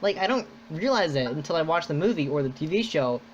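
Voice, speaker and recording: A man hosting a podcast in casual chat, rambling and excitable, full of "like". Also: a little high, fast, slight background noise. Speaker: podcast host. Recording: dull lo-fi sound.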